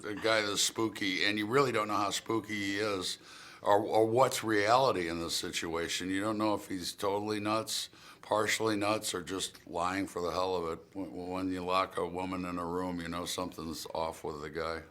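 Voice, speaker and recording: Man, very low voice with a bright edge, relaxed and joking, halting restarts, junket interview chat. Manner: laid-back, laughing, halting restarts. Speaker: film actor.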